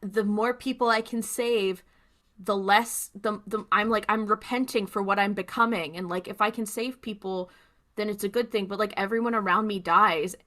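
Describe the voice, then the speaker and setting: A woman co-hosting a podcast, talking through an episode in a chatty, opinionated way. Her voice is bright and sharp, at a middle pitch, and she fills her talk with casual asides. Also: fairly even intonation, moderate pace. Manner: opinionated, chatty, frequent "like" fillers. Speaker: podcast co-host. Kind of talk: casual recap chat.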